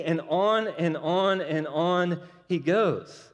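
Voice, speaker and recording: A man's voice: a little high, takes it slowly, long reverb tail. A man preaching a sermon, telling stories with energy and acting out the voices of the people he quotes. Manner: animated storytelling, acts out quoted voices.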